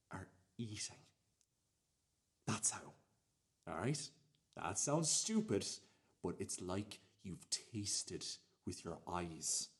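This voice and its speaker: A man's voice: on the low side, darkish tone. A young man playing a cocky youth in a student radio play monologue, swearing, rambling and dropping to a near-whisper. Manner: swearing, rambling, drops to near-whisper, laughs mid-sentence. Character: cocky young man boasting about a dinner date.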